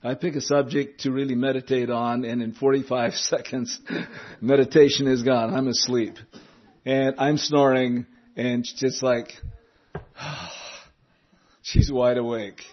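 A man's voice: medium pitch, little pitch movement, moderate pace. A man giving informal Bible teaching in a conversational way, repeating key words and adding chuckling asides. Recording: dull lo-fi recording.

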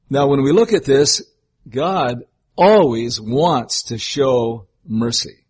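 A man's voice: medium pitch, takes it slowly, darkish tone, breathy edge. An older man preaching a folksy sermon, telling homely stories and sometimes acting out voices. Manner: folksy, storytelling, breaks into acted voices.

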